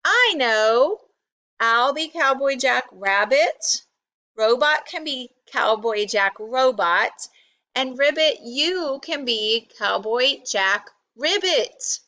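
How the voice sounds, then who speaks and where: A woman voicing an excitable, quick-tempered young male rabbit in a children's storybook read-aloud, shouting and exclaiming. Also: high voice, dull audio, exaggerated voice. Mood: eager.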